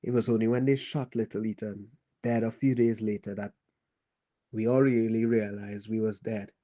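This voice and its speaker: A man with a Trinidadian accent playing a weary male survivor who tells a child about the war in a grave, halting monologue. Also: fairly low pitch, flat delivery, mellow, close to an everyday voice. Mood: somber. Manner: halting, grave, pauses and restarts. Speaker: storyteller. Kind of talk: dramatic monologue.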